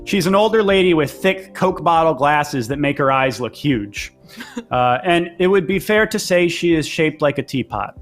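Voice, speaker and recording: A man's voice: on the high side, lively intonation, normal speed, soft background music. A man narrating as game master of a tabletop role-play game, chatty with lots of fillers.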